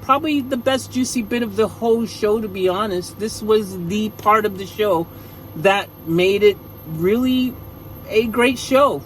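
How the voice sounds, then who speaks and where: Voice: medium pitch, measured pace, low-quality recording. Chill wrestling recap host, slangy and rambling, cracks side jokes, bit of noise behind. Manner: slangy, rambling, jokey asides. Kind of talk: casual recap chat.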